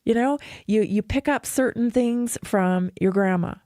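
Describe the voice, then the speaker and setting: A woman from Canada hosting a radio show, talking in a chatty, animated way, repeating points for emphasis and laughing easily. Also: on the high side, a little slow, no echo, studio quality. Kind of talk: casual monologue.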